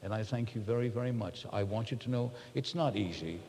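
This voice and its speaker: Guy talking to a workshop crowd, earnest and confessional, mellow voice, big echoey hall. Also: fairly low pitch, a little fast, slight background noise. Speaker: workshop speaker. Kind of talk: personal talk to a live group. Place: large room with an audience. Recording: reverberant hall.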